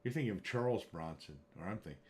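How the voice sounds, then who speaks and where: A man's voice: lowish voice, animated, fast talker. A man chatting casually on a game livestream, rambling, searching for names and getting worked up at times. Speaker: livestream gamer chatting with viewers. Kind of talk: casual chat.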